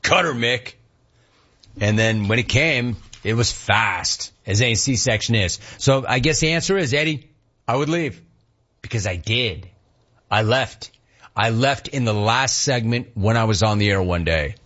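Husky-voiced sports radio host man. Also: lowish voice, a little slow, muffled recording. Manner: animated storyteller, acts out dialogue. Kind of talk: casual listener Q&A.

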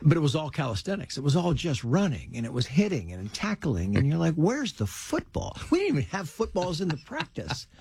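Man, middle-aged, casual storyteller, animated, acts out quotes, dry close sound. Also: on the high side, brisk, creaky, hardly any pauses, husky, dry recording. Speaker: guest telling life stories.

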